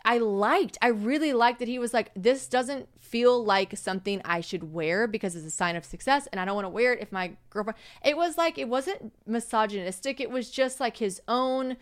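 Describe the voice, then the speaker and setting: A young woman hosting a podcast, chatting casually and telling lively stories, acting out quotes and swearing freely. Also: fairly high pitch, normal speed, few pauses. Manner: animated storytelling, acting out quotes, frequent swearing. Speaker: podcast host. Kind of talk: casual chat.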